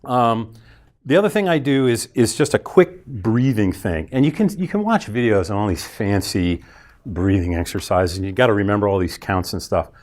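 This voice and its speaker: A male instructor speaks to a classroom about voice warm-ups, breathing and relaxing before a talk. His pitch jumps up and down as he explains, and he acts out the sounds he describes. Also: animated, normal speed. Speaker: continuing education instructor.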